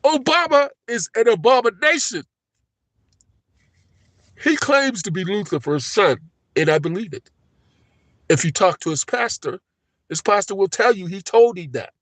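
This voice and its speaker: A man ranting on a live stream, agitated and profane, swinging between shouting and low, emotional muttering. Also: very animated, measured pace, long pauses, no echo. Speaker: livestream host.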